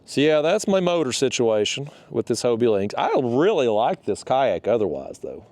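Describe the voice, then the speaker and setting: Guy fishing off a kayak, warm low-key voice, kinda breathless, rambles with restarts. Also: very animated, moderate pace, dry recording. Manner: rambling, restarts, folksy phrasing. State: a bit out of breath. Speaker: fishing vlogger. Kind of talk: casual outdoor vlog. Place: on a kayak on a river, outdoors.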